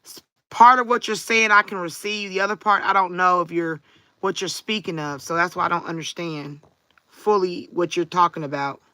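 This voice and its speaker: Woman reader running a live stream: very bright, sharp voice, dry close sound, chatty with viewers. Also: on the low side, moderate pace, no echo. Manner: chatty, greets and answers commenters by name. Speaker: tarot reader and livestream host. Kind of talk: casual livestream chat.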